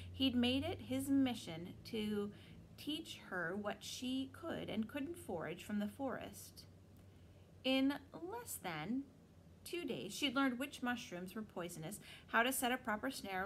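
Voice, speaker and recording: A woman teacher reading a novel aloud to students in an expressive storytelling manner. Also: a little high, measured pace, a little hiss or hum, rough recording.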